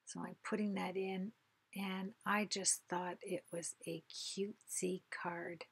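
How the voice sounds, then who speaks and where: A woman hosting a card-making tutorial, chatting casually as she works and often dropping into a soft half-whisper. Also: on the low side, little pitch movement, slow pace, no room sound. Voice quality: husky, creaky voice. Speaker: craft video host. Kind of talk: casual craft tutorial narration.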